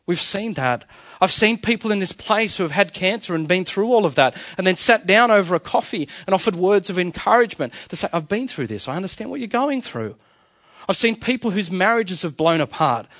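Male pastor with a fairly high voice, emphatic sermon delivery, dry close-miked sound. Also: animated, fairly quick, a bit bright, no echo. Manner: emphatic preaching with rhetorical questions. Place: church.

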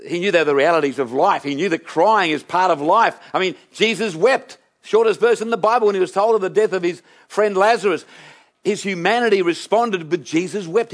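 A man preaching a sermon to his congregation, emphatic and full of rhetorical questions and repetition. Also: sits high. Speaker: minister preaching an Easter sermon.

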